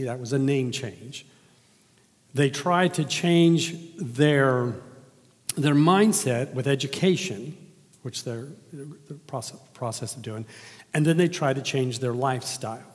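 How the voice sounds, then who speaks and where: A man's voice: medium pitch, in a large hall. A man preaching a sermon in a conversational way, asking the congregation questions and then reading from scripture. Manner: conversational, asks the audience questions.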